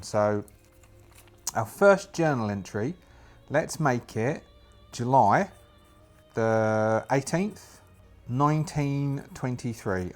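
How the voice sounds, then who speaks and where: A man narrates his solo tabletop game, thinking aloud and rambling with frequent restarts. His voice sits at an average pitch for a man. Soft music runs faintly underneath.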